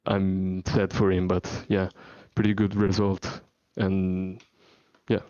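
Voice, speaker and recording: A man's voice: deep voice, monotone, slow, warm tone, dry recording, highs cut off. A man with an Italian accent, a sim racing driver, talking hesitantly with many fillers in a post-race interview. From Italy. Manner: hesitant, lots of fillers and restarts.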